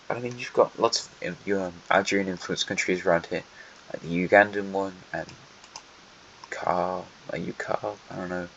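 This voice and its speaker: A man with a lowish voice gives casual alternate history map commentary, tossing dry jokes at the countries as he goes. The recording sounds a little dull and lo-fi, with a faint hiss and some quiet typing behind him. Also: steady tone, normal speed, creaky. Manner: dry, joking asides that address countries directly.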